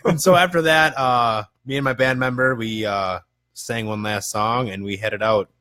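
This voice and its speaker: A man's voice: mid-range voice, steady tone, moderate pace, sharp tone, no echo, clean studio sound. A man in his twenties, a podcast co-host chatting casually, rambling through stories, swearing freely and laughing at himself. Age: 20s. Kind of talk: casual chat.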